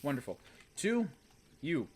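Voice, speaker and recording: A man's voice: on the high side, huge pitch swings, a little slow, slightly rough. Exasperated young man narrating his gameplay. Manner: exasperated, talks to himself, swings from muttering to loud outbursts. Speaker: gaming streamer. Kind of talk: let's play commentary.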